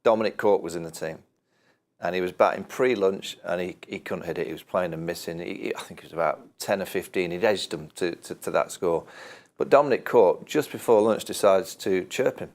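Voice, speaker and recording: A man with a fairly low voice, a cricket pundit telling an anecdote in a casual studio chat. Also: fairly quick, darkish tone. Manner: storytelling with laughs, restarts.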